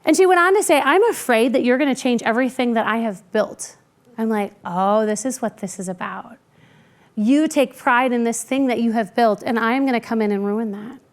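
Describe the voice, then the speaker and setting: A woman speaking as a keynote speaker, telling workplace stories conversationally and acting out what people said in quieter voices. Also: a little high, a little fast. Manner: lively, acts out quoted people in quieter voices; conversational with frequent "like" and "right?". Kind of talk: keynote storytelling.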